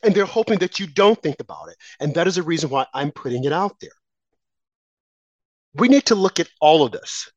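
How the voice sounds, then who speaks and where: Expressive and fairly quick, a mid-range-voiced political commentator gives an impassioned monologue, leaning on repetition, rhetorical questions, and mocking quotes of opponents. The recording is dry and lo-fi, with a slightly dull quality.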